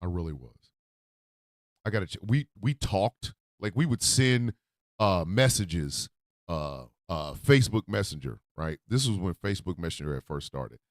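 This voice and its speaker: A man hosting a radio show, talking from the heart in a profane, emotional monologue that swings into loud outbursts. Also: deep voice, animated, normal speed, no echo, studio quality. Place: radio studio.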